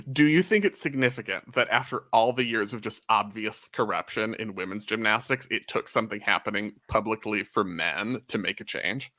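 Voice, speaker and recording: A man's voice: on the low side, normal speed, pushed and bright, no echo. A man co-hosting a podcast, chatting casually and teasing his co-host. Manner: wry, teasing. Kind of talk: casual chat.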